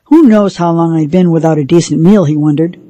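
A woman reading a novel aloud for a radio reading service, in a measured storytelling manner. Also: low-pitched, dark tone, no room sound, poor audio. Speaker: radio reader.

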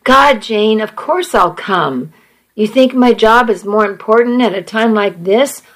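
A woman's voice: on the high side, lively intonation, a little slow, fairly bright tone. Woman voicing an anxious, worried father. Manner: anxious, earnest. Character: worried husband and father, shaken.

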